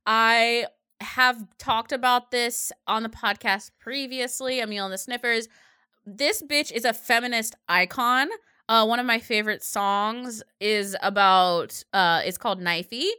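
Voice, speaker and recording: A woman in her late twenties co-hosting a podcast, chatting casually with lots of swearing and animated storytelling. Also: a little high, a little slow, clean tone, no echo, studio quality. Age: late 20s. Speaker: podcast co-host. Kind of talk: casual chat.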